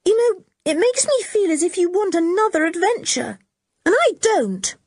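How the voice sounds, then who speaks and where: A woman's voice: high voice, huge pitch swings, slow, creaky, a little mellow, no room sound, clean studio sound, pitched above the performer's own voice, full character voice. A woman voicing a timid, anxious young girl who sounds worried and pleading, in a storybook reading. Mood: unhappy.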